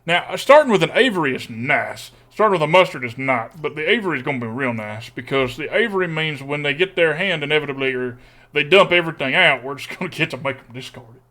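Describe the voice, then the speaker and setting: A young man commentates his own card game on a live stream. He reasons out loud and hums between moves. His voice sits a bit high for a man. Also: lively intonation, a little fast. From Texas. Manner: thinks aloud, mutters and hums while weighing plays.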